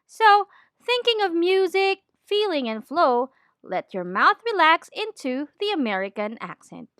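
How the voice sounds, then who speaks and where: Lady coach, high voice that jumps around a lot, clear and careful. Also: big pitch swings, unhurried, fairly bright tone, dry recording, studio quality. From Philippines. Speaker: accent trainer. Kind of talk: scripted lesson narration.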